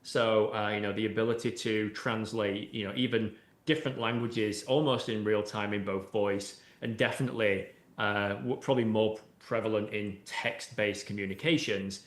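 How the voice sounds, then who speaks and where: A man's voice: fairly low pitch, steady tone, normal speed, few pauses. A man, an AI expert guest on an interview podcast, explaining at length in a conversational way with many "you know"s and "right?"s. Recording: roomy echoey room sound.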